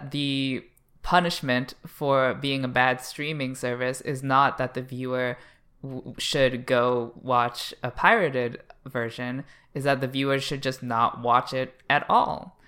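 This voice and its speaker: A podcast co-host from Canada, talking through ideas thoughtfully with many fillers and pauses. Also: medium pitch, little pitch movement, pushed and bright. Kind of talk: casual chat.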